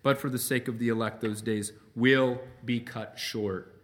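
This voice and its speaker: A man preaching a sermon as pastor, emphatic, swinging between loud peaks and quiet drops, calling his listeners friends. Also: medium pitch, steady tone, measured pace. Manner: addresses the congregation as friends.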